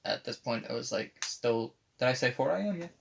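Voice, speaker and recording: A man's voice: medium pitch, lively intonation, a little fast, vocal fry. Young man telling a sweary story. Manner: rambling, swears a lot, mimics others in quotes. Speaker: podcast host. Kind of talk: casual storytelling. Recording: faint background noise.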